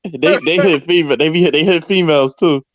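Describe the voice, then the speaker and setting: A man's voice: on the high side, fast talker. A man with a Philadelphia accent telling stories in an easygoing casual chat. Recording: slightly dull lo-fi sound.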